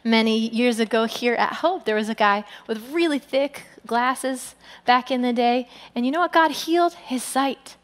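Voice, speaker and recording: Lady pastor preaching, real lively, acts out the quotes, big echoey church sound. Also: moderate pace, hardly any pauses. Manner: animated, voices quoted people with big pitch jumps. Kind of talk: sermon. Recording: long hall reverb.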